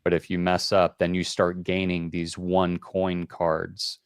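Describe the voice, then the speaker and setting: A man's voice: low-pitched, completely flat delivery, measured pace, clear, resonant tone, no echo, clean studio sound. A man hosting a board game call-in show, explaining rules in a rambling, casual way with many fillers.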